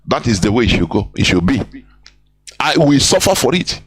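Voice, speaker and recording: A man's voice: mid-range voice, very animated, moderate pace, husky, poor audio. A man hosting a radio program, talking in a preachy, rambling way and dropping into phrases. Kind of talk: impassioned radio talk.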